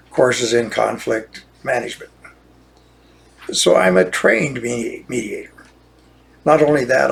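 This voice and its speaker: A man's voice: medium pitch, creaky, slight background noise. An older man, a retired lawyer, talking in an indignant, repetitive monologue, often restarting his phrases. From United States. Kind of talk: monologue rant.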